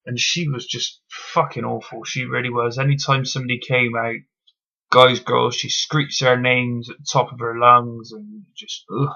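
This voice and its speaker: A man talks through a wrestling show in a blunt, opinionated review, swearing freely and filling pauses with ums. His voice is bright and gravelly with some fry. The recording is dull and lo-fi. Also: mid-range voice. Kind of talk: casual solo review.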